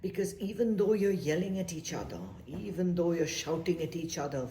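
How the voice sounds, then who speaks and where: Lady with a low voice giving advice, repeats herself, gets whispery sometimes, roomy echo. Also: a little fast, slight background noise. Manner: animated, emphatic, repeats phrases, drops to soft whispers for emphasis. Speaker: speaker giving life advice. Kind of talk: casual reflective talk. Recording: echoey room.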